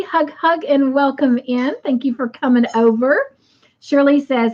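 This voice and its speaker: A woman's voice: sits high, a little slow. Chatty woman hosting a livestream. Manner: chatty, warm greetings with lots of fillers. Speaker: livestream host. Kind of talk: casual livestream chat, reading viewer comments aloud. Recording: muffled lo-fi livestream audio.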